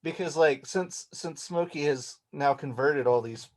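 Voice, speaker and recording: A man's voice: a little high, a little slow. A man playing in a tabletop game, laid-back and drawling. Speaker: player. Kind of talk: casual tabletop role-play.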